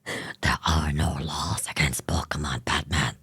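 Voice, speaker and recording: Woman playing a Joker impression: deep gravelly half-whisper, sinister and taunting, slow delivery. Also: steady tone, a bit bright, dry recording, exaggerated voice. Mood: menacing taunt. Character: the Joker, menacing male villain in a deep growl.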